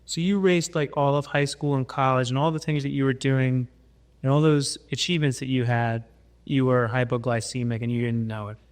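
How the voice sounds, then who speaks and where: A man's voice: mid-range voice, steady tone, brisk. Male host prompting his guest. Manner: friendly, prompts and sums up guest's story. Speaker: podcast host. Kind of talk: casual interview.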